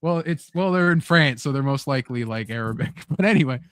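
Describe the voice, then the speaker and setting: A man's voice: medium pitch, expressive, brisk, fairly bright tone, clean tone, no room sound. A man hosting a casual podcast chat, rambling and swearing, laughing often. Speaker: podcast host.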